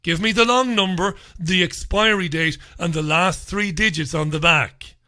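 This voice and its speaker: A man's voice: sits high, moderate pace, bright, forceful tone. A man voicing an officious female receptionist at a vet's, reading out instructions. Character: officious woman vet receptionist.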